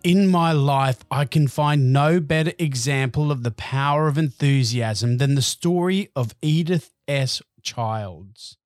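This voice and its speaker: A man giving scripted motivational narration in a measured, emphatic way. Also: medium pitch, dry recording, clean studio sound, faint music behind. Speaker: motivational speaker.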